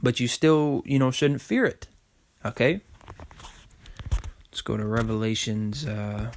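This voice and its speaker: Regular guy preaching off the cuff, average pitch, stumbles reading verses, lots of "okay? man". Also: a little slow, slight background noise. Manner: casual, repeats "okay?" and "man"; reads scripture aloud, stumbling on words. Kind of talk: informal sermon with scripture reading.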